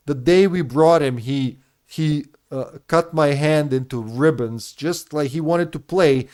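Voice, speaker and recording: A man's voice: on the high side, a little mellow. A man in his thirties, a game streamer whose first language is not English, chatting candidly with his live viewers and addressing them by name. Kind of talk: casual chat with live viewers.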